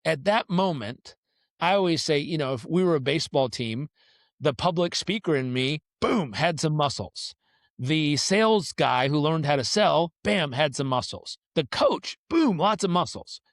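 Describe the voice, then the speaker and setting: Animated male storyteller, fairly high voice. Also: normal speed, no echo, studio quality. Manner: animated storyteller who acts out the people in his stories. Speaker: guest. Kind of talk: storytelling in a podcast interview.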